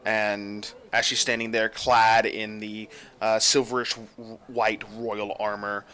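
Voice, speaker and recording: Male game master, bright voice, descriptive narration with lots of ums. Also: fairly low pitch, level tone, slow, clean tone. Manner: descriptive, with many fillers.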